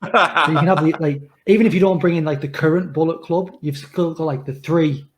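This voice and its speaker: North east english dude on a podcast, kinda high voice, says like a lot. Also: male voice, brisk, slight background noise. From North East England. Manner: chatty, lots of "like" fillers. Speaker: podcast co-host. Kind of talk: casual podcast chat.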